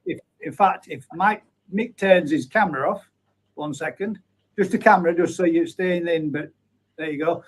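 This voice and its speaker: A man's voice: a little high, normal speed, a little hiss or hum, rough recording. Man hosting a chatty live stream. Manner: chatty, banters and reads names aloud. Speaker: host of a live pond chat stream. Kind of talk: casual chat, reading out viewer comments.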